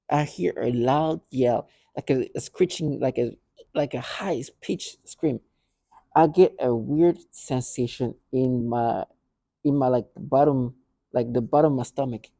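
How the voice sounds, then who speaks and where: A man's voice: medium pitch, warm tone, dry recording, clean studio sound. A man speaking in a rambling personal monologue, full of restarts and repeated words, acting out remembered conversations. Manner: acts out both sides of remembered conversations. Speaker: vlogger.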